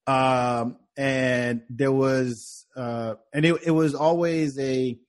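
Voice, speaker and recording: A man's voice: medium pitch, fairly even intonation, takes it slowly. French guy hosting a podcast, rambles and restarts a lot, accented english. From France. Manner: rambling, many restarts and repeated words. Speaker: podcast host. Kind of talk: casual chat.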